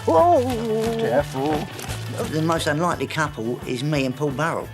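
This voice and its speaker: A man's voice: on the high side, fast talker. A man with a blunt, jokey manner, remembering a friend. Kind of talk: interview recollection and jungle clips. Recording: clips with music under.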